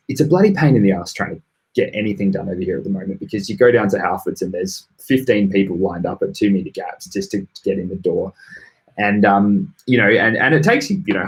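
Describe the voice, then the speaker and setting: A man's voice: low-pitched, poor audio. A man with an English accent co-hosting a casual podcast over a call, a chatty storyteller who laughs often. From England. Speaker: podcast co-host.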